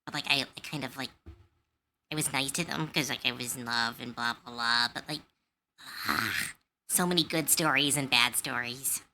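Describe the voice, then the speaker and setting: A woman's voice: rumbling low, moderate pace, slight background noise. A woman streamer casually chatting on a live stream, telling rambling game-master stories with lots of fillers. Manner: rambling storytelling, animated, many fillers.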